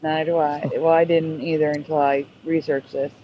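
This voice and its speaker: A man's voice: fairly high pitch, flat delivery, normal speed. A man hosting a casual talk, presenting topics in an upbeat, exclamatory way. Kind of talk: casual chat. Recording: dull lo-fi sound with faint noise.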